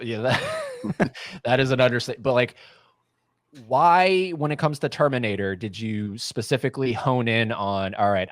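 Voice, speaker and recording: A man hosting a podcast, asking rambling questions in a relaxed way and laughing easily. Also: fairly low pitch, dry recording, clean studio sound. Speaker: podcast host. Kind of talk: casual interview chat.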